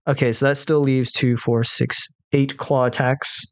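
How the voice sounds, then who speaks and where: A man's voice: mid-range voice, flat delivery, unhurried, a bit bright, no echo. Give me a man narrating a tabletop game and tallying dice methodically, close and dry. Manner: methodical, counts rolls aloud. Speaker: game master.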